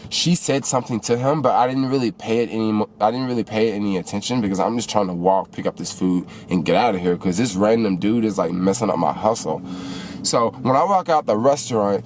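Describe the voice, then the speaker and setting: A man's voice: mid-range voice, a little hiss or hum. A man who works as a delivery driver, casually vlogging and animatedly telling a story about his day on the road. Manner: animated, retells events with quoted dialogue. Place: in and around a car in a city.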